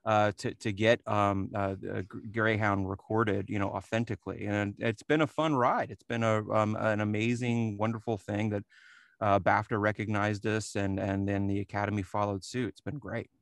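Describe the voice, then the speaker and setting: A man's voice: fairly low pitch, moderate pace, dry recording. A man from New Jersey, a re-recording mixer, talking casually in an interview with many fillers and restarts. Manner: relaxed, chuckles often, many fillers and restarts.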